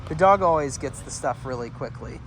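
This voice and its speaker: A man working as a dog trainer, coaching an owner outdoors with calm instructions and frequent praise. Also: mid-range voice, a little fast, a little hiss or hum. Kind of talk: hands-on coaching. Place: outdoors at a house doorway and yard.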